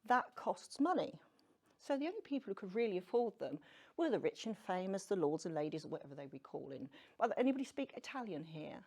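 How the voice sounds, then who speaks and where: A woman's voice: medium pitch, sing-song, a little fast, a little mellow. A woman giving a chatty, self-deprecating talk on tarot to a live audience, often asking them questions. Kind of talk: casual lecture to a live audience. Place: venue room with an audience.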